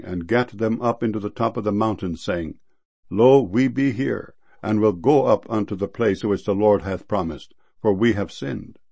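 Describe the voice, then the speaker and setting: Male scripture reader; low, raspy, measured, dry booth sound. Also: dry recording. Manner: steady, measured reading of archaic verses. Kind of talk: scripture reading.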